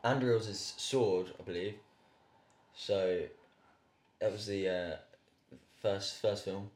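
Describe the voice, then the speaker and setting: A man answering quiz questions as a podcast guest, excitable and jokey. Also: on the low side, takes it slowly, echoey room. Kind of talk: casual chat.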